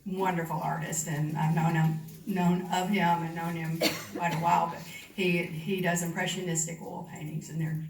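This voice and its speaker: A woman hosting a meeting, making announcements and introducing the speaker in a friendly, relaxed way. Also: lowish voice, normal speed. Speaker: meeting host. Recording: distant mic in a roomy hall, faint noise.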